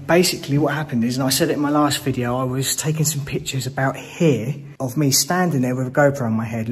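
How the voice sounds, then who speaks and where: A man's voice: mid-range voice, slightly rough. A man exploring an abandoned hospital on his own, talking to his viewers in jumpy, nervous bursts and swearing whenever something startles him. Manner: jumpy, swearing, breathless exclamations when startled. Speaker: urban explorer. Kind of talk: nervous first-person exploration commentary. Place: large abandoned hospital, indoors.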